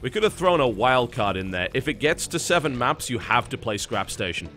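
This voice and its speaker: A man's voice: mid-range voice, very animated, fairly quick, fairly bright tone, soft background music. A man casting a live esports match, talking wryly and at length about the games and the format. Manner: wry, talkative play-by-play. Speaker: esports caster. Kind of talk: live game commentary.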